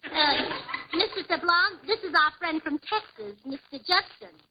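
A woman's voice: extremely high pitch, measured pace. A woman co-hosting a 1940s-style radio comedy, talking in a chirpy, scatterbrained, fluttery way. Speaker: comedy show co-host. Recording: lo-fi old radio broadcast, loud hiss.

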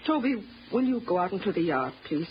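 A woman's voice: on the low side, sing-song, fairly quick, slight background noise. An actress playing a protective housekeeper and mother in an old radio drama, speaking with emphatic indignation and stammering. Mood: indignant. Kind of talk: 1940s radio acting. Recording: muffled old radio broadcast.

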